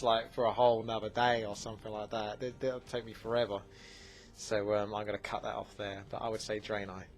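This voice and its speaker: A man in his twenties, a gaming channel host, answering viewer questions in a rambling, chatty way that often corrects itself mid-sentence. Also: medium pitch. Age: 20s. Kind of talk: casual Q&A commentary.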